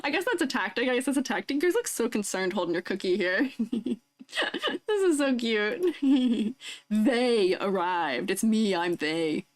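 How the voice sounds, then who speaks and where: A woman's voice: fairly high pitch, expressive, a little slow. A young woman streamer chatting casually with her viewers, giggling often and reacting playfully to fan art. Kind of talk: casual live stream chat.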